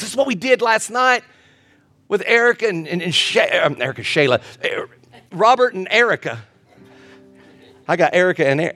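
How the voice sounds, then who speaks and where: Middle-aged pastor guy preaching, high voice, goes loud then soft, kinda joking, dry mic. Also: no echo. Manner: preaching with humor and dramatic swings from loud to soft. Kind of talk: sermon.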